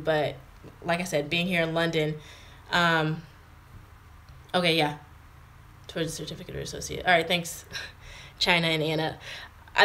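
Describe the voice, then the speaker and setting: Slight background noise sits under a low-leaning, somewhat bright female voice. She's an American vlogger in her twenties, indoors at home in England, casually working through viewer comments on a livestream and filling gaps with ums and likes.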